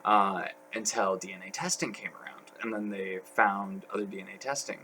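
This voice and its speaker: A man's voice: lowish voice, normal speed, bright, forceful tone, a little hiss or hum, poor audio. A young man talking as a podcast guest, telling stories in a rambling way full of fillers. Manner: rambling, filler-heavy storytelling. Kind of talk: casual podcast chat.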